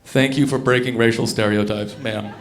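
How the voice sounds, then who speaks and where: A young man performing a stand-up comedy set on a club stage, animated, jumping between loud bursts and low mutters. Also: normal speed, a little hiss or hum.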